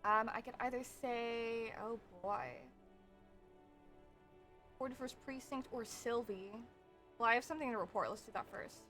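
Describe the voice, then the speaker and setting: A woman's voice: fairly high pitch, normal speed, pauses often, a bit bright, soft background music. A young woman streaming a game, reading its text aloud and chatting with viewers, swearing now and then. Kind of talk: casual game-reading and chat.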